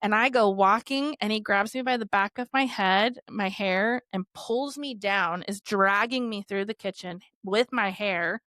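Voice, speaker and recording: A woman's voice: mid-range voice, a little slow, few pauses, pushed and bright, no room sound. A woman podcast host telling her own story candidly, rambling with lots of "like" and swearing freely.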